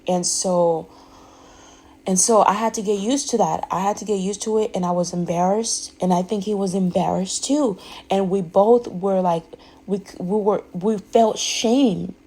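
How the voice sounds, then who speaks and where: A woman's voice: medium pitch, warm tone, husky, rough recording. A woman speaking candidly in a rambling, emphatic way, often restarting her sentences. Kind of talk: candid personal monologue.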